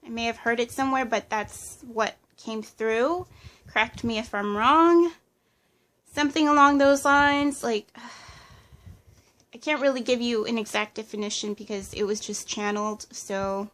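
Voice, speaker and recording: A woman with a fairly high voice talks through a tarot reading. She lists impressions as they come, pausing and hedging with plenty of fillers. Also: steady tone, fairly bright tone. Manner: hesitant, channeling impressions, many fillers. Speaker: tarot reader. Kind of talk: casual pick-a-card reading.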